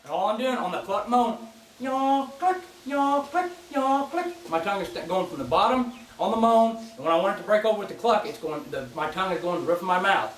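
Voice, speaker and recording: Man, high register, easygoing folksy teaching manner, recorded from a distance in a roomy space. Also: fast, heavy background noise. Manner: relaxed, folksy, repeats and restarts phrases. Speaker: goose call instructor. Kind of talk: casual spoken demonstration. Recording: distant mic in an echoey space, faint clicking.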